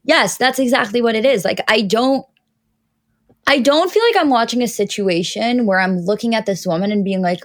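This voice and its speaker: A woman's voice: fairly high pitch, expressive, moderate pace. A woman co-hosting a pop culture podcast, talking through her opinions at length in casual chat. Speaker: podcast co-host.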